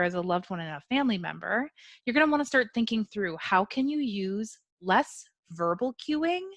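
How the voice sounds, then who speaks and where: A woman's voice: medium pitch, fairly bright tone, no echo, clean studio sound. A woman giving a training webinar on dementia communication, explaining step by step with analogies and examples. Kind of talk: webinar presentation.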